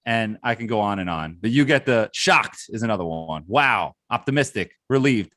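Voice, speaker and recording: A man co-hosting a sports podcast in casual chat, excitable and quick to rattle off lists. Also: on the low side, no room sound. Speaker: podcast co-host.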